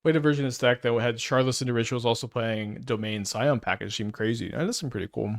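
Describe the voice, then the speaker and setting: Playing a card game, a man comments live in a medium-pitched voice, talking fast with hardly any pauses, recorded in studio quality without echo. His casual thinking-aloud is marked by stutters, frequent restarts, and plenty of fillers.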